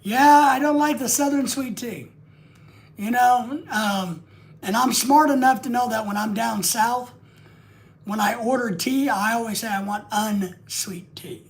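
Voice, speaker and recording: A man's voice: very high voice, a little slow. A man hosting a live stream, rambling and joking casually with crude asides.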